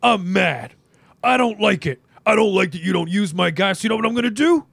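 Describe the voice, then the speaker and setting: A man's voice: sits high, lively intonation, brisk, gravelly, no echo, voice pushed up, heavily acted. A man doing a mocking impression of a blustering, irritated male wrestling executive in casual podcast chat. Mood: mock indignant. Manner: mocking, loud, petulant.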